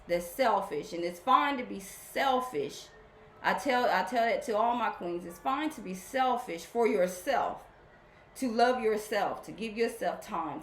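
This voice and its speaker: A woman hosting a spiritual program, talking casually and warmly to her followers, often repeating herself as she rambles. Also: medium pitch, echoey room, a little hiss or hum.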